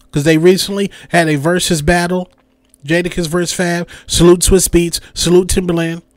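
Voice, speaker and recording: A young man rants on his podcast in a comedic, animated way, doing little voices and circling back to the same catchphrases. His voice sits fairly high for a man. The sound is dry and close, with no room around it. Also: no room sound. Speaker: podcast host.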